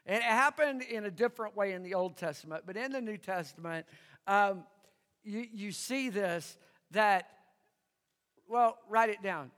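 A man's voice: sits high, fairly bright tone. A man preaching a sermon as pastor, emphatic and calling out for his congregation to answer back. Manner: emphatic, engages congregation with call-and-response. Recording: long hall reverb.

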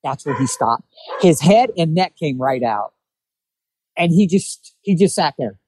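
A man with a somewhat high voice, talking a little slowly, relates a hunting tale in a laid-back chat. He brings it to life by acting out people's words, though the recording is rough.

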